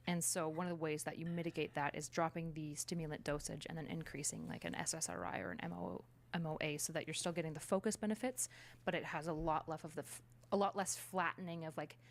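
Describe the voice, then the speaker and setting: A woman's voice: deep voice, fairly even intonation, fast. A woman in casual conversation, explaining things at length with many fillers.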